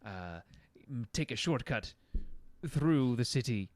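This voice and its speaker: A man's voice: mid-range voice, expressive, takes it slowly, a little mellow, no echo. A man playing a tabletop game, hesitant and thinking aloud as he plans his move. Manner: hesitant, ponders aloud with fillers. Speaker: player.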